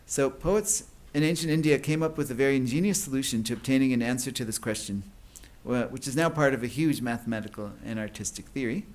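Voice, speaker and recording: A man's voice: mid-range voice, quick pace, hardly any pauses, darkish tone. Man giving a conference lecture. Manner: explanatory, with frequent fillers and restarts. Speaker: conference speaker. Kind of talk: academic lecture.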